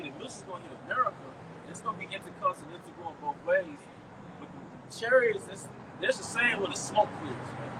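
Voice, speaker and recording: A man preaching to a camp outdoors in loud, emphatic street slang. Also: sits high. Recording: distant mic, traffic noise outdoors.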